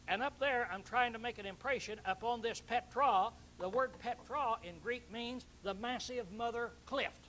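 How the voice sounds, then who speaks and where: A man's voice: high-pitched, a bit bright, slight background noise, rough recording. A man preaching a Bible teaching sermon, emphatic, repeating key words and questioning his listeners.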